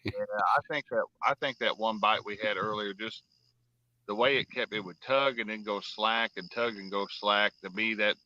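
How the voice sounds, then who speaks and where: A man's voice: on the low side, steady tone, normal speed, bright, forceful tone, dry recording, highs cut off. A man hosting a fishing show, chatting casually and rambling through long stories with lots of fillers. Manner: rambling storyteller, drawling, many fillers. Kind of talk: casual chat while fishing.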